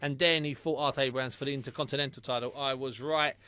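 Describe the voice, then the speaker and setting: A man's voice: mid-range voice, fairly even intonation, fast, bright, forceful tone, smooth. A man hosting a boxing podcast, chatting casually and reading out listener answers. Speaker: podcast host.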